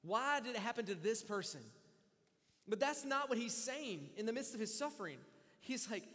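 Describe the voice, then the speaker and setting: A man preaching a sermon with passion, voicing a psalmist's pleas, moving between quiet, drawn-out lines and loud, urgent ones. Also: extremely high pitch, lively intonation, in a large hall. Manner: impassioned, swings from hushed to loud. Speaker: pastor.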